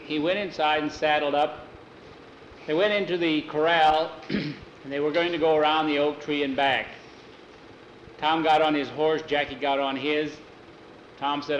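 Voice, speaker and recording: A man telling a homespun story aloud in a relaxed, plain-spoken way. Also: a little high, moderate pace, dull audio. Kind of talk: folksy oral storytelling. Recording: echoey room, faint traffic.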